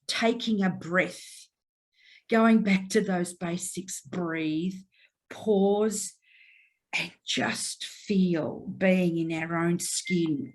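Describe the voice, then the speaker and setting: A woman interview guest speaking earnestly and reflectively in a heartfelt way. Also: lowish voice. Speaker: guest, mental health consultant. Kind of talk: interview conversation.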